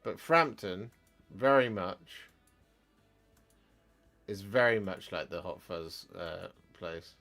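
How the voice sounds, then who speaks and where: A man's voice: deep voice, animated, slow, gravelly, long pauses, a bit bright. A young man with an English West Country accent, chatting casually on a live stream and answering viewers' questions. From Gloucestershire, England. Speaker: streamer painting miniatures. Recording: faint music behind.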